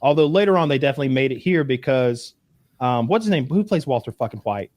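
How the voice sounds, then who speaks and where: A man's voice: medium pitch, expressive, fast talker, dry recording. Rambling man telling stories on a podcast. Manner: rambling storyteller who acts out quotes with loud voices. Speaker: podcast co-host. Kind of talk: casual podcast chat.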